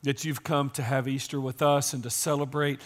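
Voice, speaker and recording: A man preaching an Easter sermon to his congregation as pastor, his voice strained and squeaky today, joking and teasing the crowd as he talks. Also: flat delivery, brisk. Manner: joking, playful, teasing the audience. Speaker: teaching and campus pastor. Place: church service.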